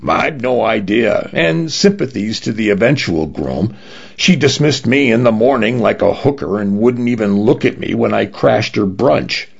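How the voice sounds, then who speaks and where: A man's voice: on the low side, animated, normal speed, creaky, husky, muffled recording, pitched above the performer's own voice, exaggerated voice. A man voicing a knowing, fond, wry young man in a radio story reading.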